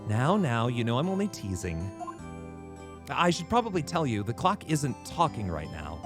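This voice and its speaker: A man voicing a calm, caring older sister asking a favor over the phone. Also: mid-range voice, moderate pace, over music. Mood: gentle.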